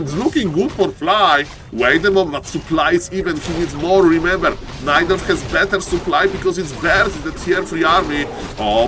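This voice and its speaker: A man casting a live strategy game, excitable, jumping to high yelps at big plays. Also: background noise. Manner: keeps repeating "ladies and gentlemen". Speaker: esports caster.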